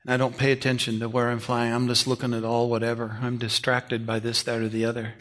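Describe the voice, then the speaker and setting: Bright-voiced folksy male preacher. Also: medium pitch, quick pace. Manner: folksy, animated storytelling with shouted asides. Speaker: pastor. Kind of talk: sermon.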